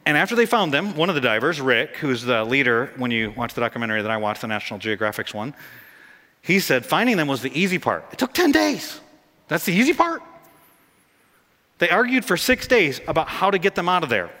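A man preaching a sermon as pastor, animated and jokey, rising to excited peaks. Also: mid-range voice, fast talker. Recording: long hall reverb.

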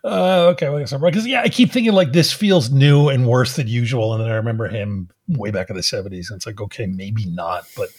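Husky man ranting on a podcast. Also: mid-range voice, fast, few pauses, a little mellow. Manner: profane, exasperated ranting. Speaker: podcast co-host. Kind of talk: casual chat.

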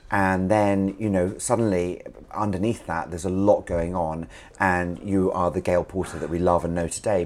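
A man's voice: sits low, a little mellow. A man hosting a podcast, chatting enthusiastically with a guest. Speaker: podcast host. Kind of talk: podcast interview and read advert. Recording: music bed under voice.

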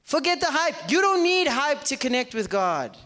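His voice is very high and sharp, swinging widely in pitch at a normal speed. The male pastor preaches before a live congregation in a church auditorium, peppering them with rhetorical questions and acting out their doubts in quoted voices, with the hall's reverberation audible throughout.

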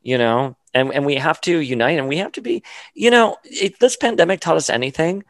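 A man's voice: on the high side, brisk, no room sound. A man co-hosting a casual podcast, talking animatedly with lots of fillers and restarts. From Miami area. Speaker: podcast co-host. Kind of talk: casual chat.

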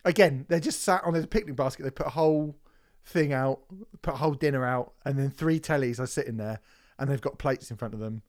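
A man co-hosting a podcast in casual chat, an animated storyteller who laughs and swears a lot. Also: mid-range voice, a little fast, hardly any pauses. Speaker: podcast co-host.

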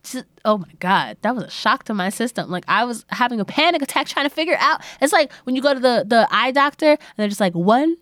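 A young woman co-hosting a podcast in casual chat, animated, laughing often and swearing freely. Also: on the high side, fast talker, few pauses, no room sound, studio quality. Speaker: podcast co-host.

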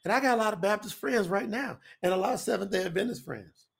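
A man, preaching to an audience in a folksy, animated, repetitive way. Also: high-pitched, quick pace, vocal fry, breathy edge. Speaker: preacher and co-host.

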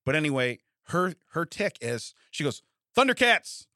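A man's voice: a little high, normal speed, fairly bright tone, no echo, clean studio sound. A middle-aged man from the United States co-hosting a casual chat, rambling through stories with frequent laughs and restarts. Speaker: podcast co-host.

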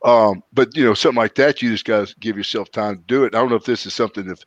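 A man chats casually as a podcast host and slides into loose, folksy stories. The audio is dry and a bit dull, like a low-fidelity recording. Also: racing, no echo. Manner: folksy, rambling storyteller with lively quoted voices. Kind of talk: casual chat, storytelling.

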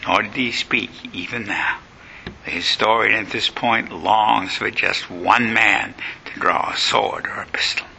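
Male lecturer with a gravelly voice telling history vividly over faint background noise. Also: lowish voice, measured pace, pushed and bright, rough recording. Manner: vivid storytelling, acts out quotes.

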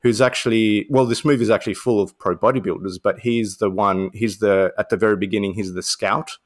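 A man with a lowish voice tells film trivia on a podcast in an easy, unhurried storytelling manner. He sounds casual and conversational. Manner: relaxed storytelling, uses "mate". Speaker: podcast co-host.

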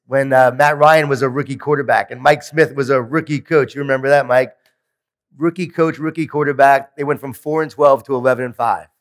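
A man giving a motivational keynote speech at a conference, telling animated stories with self-deprecating humor. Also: medium pitch. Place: large conference hall. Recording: long hall reverb.

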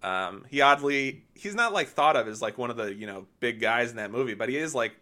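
A man's voice: mid-range voice, expressive, brisk, sharp tone. A man co-hosting a podcast, chatting casually and enthusiastically about films with many fillers. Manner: rambling, filler-heavy, enthusiastic. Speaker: podcast co-host. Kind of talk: casual film chat.

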